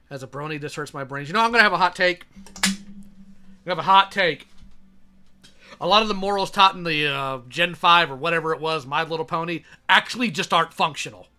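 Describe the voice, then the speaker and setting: A man's voice: a little high, sharp tone. A man reading messages aloud and reacting in a sarcastic, exasperated way.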